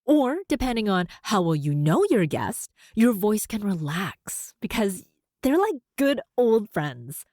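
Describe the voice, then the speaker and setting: A woman's voice: mid-range voice, big pitch swings, unhurried, a little mellow, no room sound, clean studio sound. A woman hosting a solo podcast. She speaks with a slight lisp, ends sentences with an upward lift, and laughs often. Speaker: podcast host.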